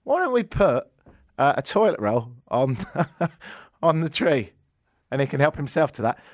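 A man's voice: medium pitch, unhurried, no echo, clean studio sound. A man with an English accent hosting a radio show, telling a rambling, self-mocking story in a casual, joking way. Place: radio studio.

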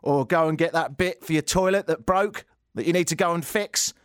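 A man's voice: a little high, moderate pace, no echo. A British man hosting a radio talk show, delivering a sarcastic, mock-outraged comedic monologue into a studio microphone. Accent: British English. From Britain.

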